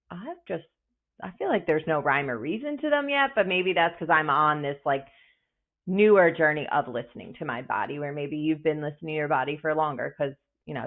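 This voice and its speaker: A woman hosting a podcast in casual chat, rambling and animated, often acting out little inner voices. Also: low-pitched. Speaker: podcast host. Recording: tinny call audio.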